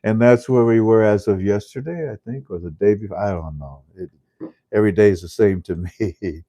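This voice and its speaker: An older man talks in a loose, rambling way, chuckling as he goes and stumbling through fillers. His voice sits low and mellow. The recording is dry, with no room sound. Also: normal speed, no echo. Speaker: host. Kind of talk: casual monologue.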